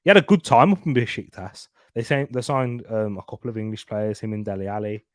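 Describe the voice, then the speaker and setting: Talking a little fast in a lowish voice, the young man hosts a live football watchalong with chatty, casual commentary, lots of banter and frequent laughs. There's no echo, and the audio is studio quality.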